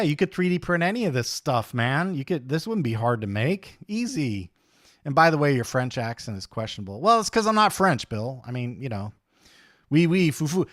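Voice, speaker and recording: A man hosts a livestream in a loose, chatty way, blunt and joking as he rants between viewer comments. His voice sits at an everyday middle pitch. The sound is dry and close, with no room echo. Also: a bit bright. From United States. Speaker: livestream host. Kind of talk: casual livestream chat reading comments.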